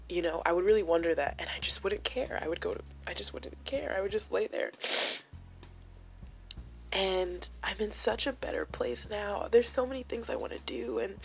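Low, gravelly young woman vlogging candidly. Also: normal speed. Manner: emotional, confessional, full of "like" fillers. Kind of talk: candid personal vlog.

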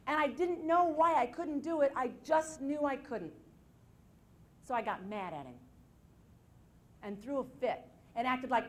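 A woman with a slightly high voice speaks from a stage to a live audience. She tells personal stories with animated energy and self-deprecating humor, and she acts out the voices of the people in them. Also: a little slow, pauses often, echoey room. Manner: animated storytelling, acting out quoted voices. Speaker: motivational seminar speaker. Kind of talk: live seminar talk to an audience.

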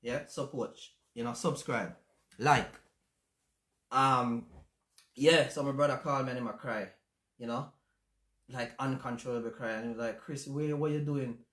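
A man's voice: mid-range voice, steady tone, fairly bright tone. Reflective Jamaican man on a livestream. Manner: reflective, halting, many fillers. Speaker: channel host. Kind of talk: casual livestream chat. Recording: roomy echo.

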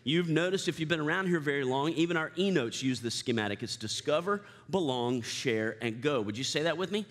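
A man who is lead pastor, preaching a lively, self-deprecating sermon and leading the congregation in call-and-response. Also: on the high side, a little fast, hardly any pauses. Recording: reverberant church sanctuary.

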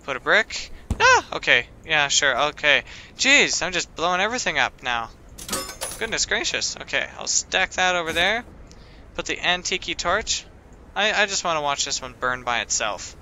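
A man playing a video game and commenting casually. He talks to the game, flipping between shouting at it and muttering to himself. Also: high-pitched, big pitch swings, normal speed, slight background noise. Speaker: let's play gamer. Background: game music.

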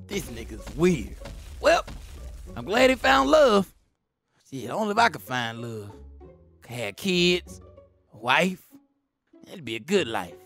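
A man's voice: fairly high pitch, sing-song, slow, gravelly, long pauses, a bit bright, soft background music, full character voice. A man voicing a crude, laid-back cartoon character who cusses in slang. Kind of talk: comedic cartoon voice acting.

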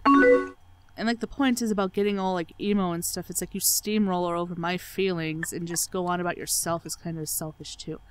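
A woman's voice: on the low side, fairly even intonation, moderate pace, faint music behind. A woman hosting a let's play, giving sarcastic, profanity-laced commentary and mocking the game's dialogue. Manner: sarcastic, swears freely, mocks the game's dialogue. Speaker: let's play channel host. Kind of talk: gaming commentary.

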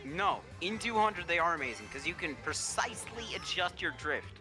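A man's voice: on the high side, very animated, normal speed, bright, forceful tone. A man on a voice call with friends, teasing and bantering while they play a game. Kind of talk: casual gaming chat. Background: game music.

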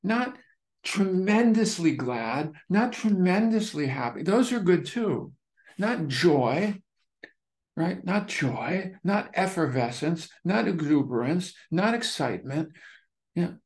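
A man teaching meditation in a relaxed, conversational way, repeating phrases and restarting as he searches for words. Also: high voice, slow pace. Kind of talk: dharma talk.

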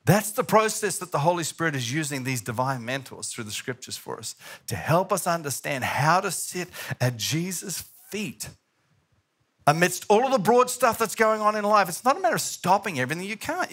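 A middle-aged man preaching, his pitch leaping and falling as he acts out the people in his story. His voice sits a little high for a man and has a bright, forceful edge. He speaks in the animated style of a pastor telling a story in a sermon. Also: normal speed.

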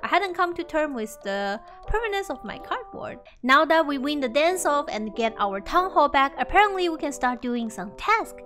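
Bubbly female gamer, high-pitched, gushes over everything, game music under her voice. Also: big pitch swings, moderate pace, hardly any pauses, bright, forceful tone. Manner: bubbly, gushing, refers to herself by name in third person. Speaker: gaming YouTuber. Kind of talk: let's play commentary.

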